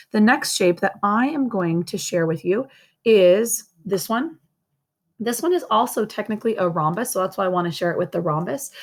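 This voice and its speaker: A woman teacher gives a recorded lesson to young children, explaining slowly and patiently and repeating key points. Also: medium pitch. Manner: slow, patient explaining with frequent repetition.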